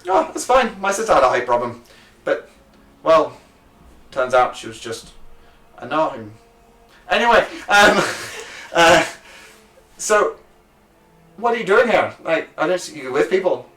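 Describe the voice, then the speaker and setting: A chatty, nosy townswoman rambles on in a high, lively voice, as a man running a tabletop game puts her on. She fills her talk with eager little fillers. The room rings a bit, with the mic set back. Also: measured pace, long pauses, reverberant, full character voice. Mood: friendly, nosy.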